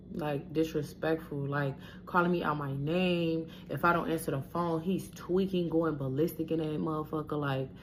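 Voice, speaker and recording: A woman's voice: fairly low pitch, a little hiss or hum. A woman in her twenties telling a personal story in a blunt, profane, casual way, talking straight to her viewers.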